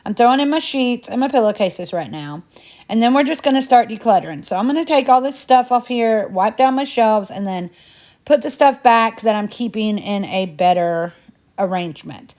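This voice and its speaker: A woman's voice: a little high, lively intonation, normal speed, darkish tone. A woman from Indiana with a Southern US twang that slips into a Midwestern accent, chatting casually and rambling as she narrates her cleaning vlog. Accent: Southern US twang mixed with Midwestern. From Indiana, USA. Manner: talkative, rambling, folksy. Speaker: home cleaning vlogger.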